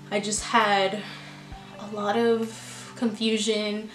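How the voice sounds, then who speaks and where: A woman's voice: mid-range voice, moderate pace, fairly bright tone. A young woman tells a personal story to the camera in a loose, chatty way, packing in fillers and acting out her own past lines. Her voice sits mid-range for a woman and rings in a roomy, echoey space, with faint music under it. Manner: chatty, filler-heavy, quotes herself with "I'm like". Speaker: vlogger.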